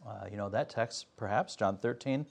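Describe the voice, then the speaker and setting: A man teaching a Sunday school Bible class, explaining step by step in an earnest way with frequent pauses. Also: fairly low pitch, vocal fry.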